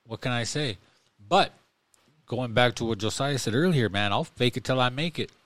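A man's voice: mid-range voice, normal speed, a bit bright, no room sound. A man co-hosting a podcast in casual chat, rambling with lots of fillers and speaking in an earnest, encouraging way. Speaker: podcast co-host.

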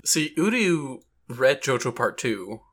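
A podcast co-host in easygoing recap chat who chimes in with jokes and swears casually. Their voice sits at an ordinary middle pitch, and they sound amused throughout. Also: big pitch swings, takes it slowly, fairly bright tone.

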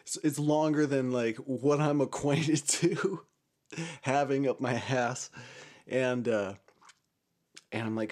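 A man's voice: mid-range voice, measured pace, darkish tone. Rambling, profane man telling a story. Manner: rambling, profane, with frequent restarts and chuckles. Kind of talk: casual personal storytelling.

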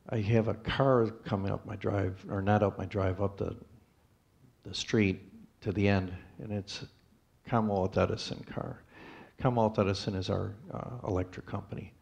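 Low gravelly man giving a testimony. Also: a little mellow. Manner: plainspoken storytelling with pauses and restarts. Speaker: church testimony speaker. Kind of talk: personal testimony to a congregation.

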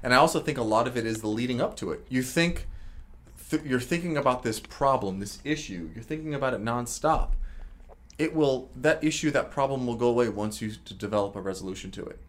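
A man co-hosting a podcast, speaking in a steady, reflective way. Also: medium pitch, fairly quick. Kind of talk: casual podcast chat.

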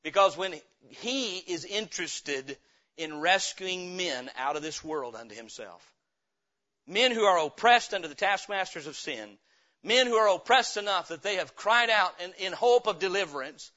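High-pitched bright preacher guy, fired up sermon, kinda muffled lo-fi church recording. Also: expressive, moderate pace. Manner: impassioned preaching, swelling louder and higher at climaxes. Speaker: pastor.

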